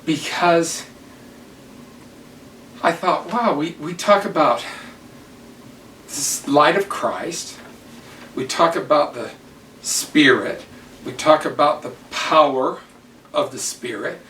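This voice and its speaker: An older man and church teacher giving a devotional talk, telling personal stories slowly and deliberately. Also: on the high side, fairly bright tone, a little hiss or hum. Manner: slow, deliberate storytelling. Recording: roomy, distant mic, faint ambience.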